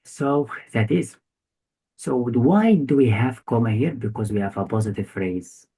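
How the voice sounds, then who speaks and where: This English test tutor speaks in an unhurried, mellow, breathy mid-range voice with lively intonation, on a rough recording. During a private grammar lesson he keeps quizzing his student with short, repeated questions, his phrasing non-native.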